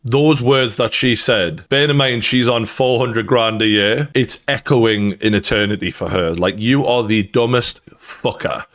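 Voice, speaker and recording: A man's voice: medium pitch, a little slow, few pauses, fairly bright tone. Sweary Geordie man commenting on news. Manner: blunt, sweary, sardonic. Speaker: YouTube commentator.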